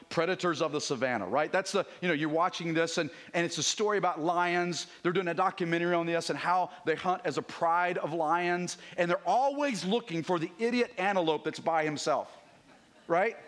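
A man preaching a sermon as a visiting pastor, animated and conversational, sometimes dropping to a hushed near-whisper for emphasis. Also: high-pitched. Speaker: guest preacher.

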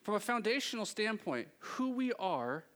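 A man preaching a sermon from a church stage, talking in a lively, joking, conversational way. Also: high-pitched, moderate pace. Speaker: pastor.

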